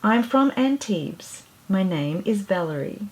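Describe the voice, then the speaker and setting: A woman voicing a gentle, polite female songbird in a storybook reading. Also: medium pitch, lively intonation, slow pace, rough recording. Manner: polite and grateful.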